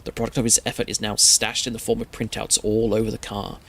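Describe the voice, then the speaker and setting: A man streamer narrating a scary story in a steady, measured reading. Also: lowish voice.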